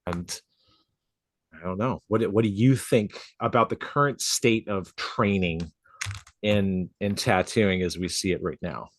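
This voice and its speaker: This co-host of a tattooing podcast, himself a tattoo artist, chats casually with plenty of swearing and laughter, coughing after choking on a drink. His low voice moves at a measured pace. He records in a home studio with outside noise nearby, and slight background noise is audible.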